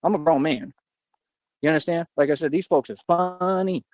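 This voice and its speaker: A man's voice: a little high, normal speed, a little mellow, no echo, dull audio. A man on a livestream ranting in a boastful, confrontational, rambling way.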